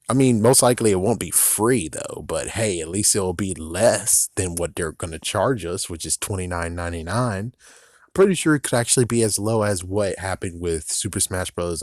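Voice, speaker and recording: A man's voice: medium pitch, a little mellow, dry recording, clean studio sound. A young man ranting angrily about video games, swearing and mocking the fans he is angry at. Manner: angry, profane ranting with mocking quoted voices. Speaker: video game commentator. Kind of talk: rant vlog.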